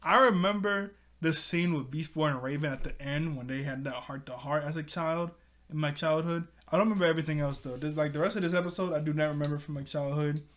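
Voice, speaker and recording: A young man's fairly high voice runs through a cartoon episode recap in loose, casual talk. He rambles, corrects himself mid-sentence and chuckles often. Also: quick pace, fairly bright tone. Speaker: TV episode reviewer.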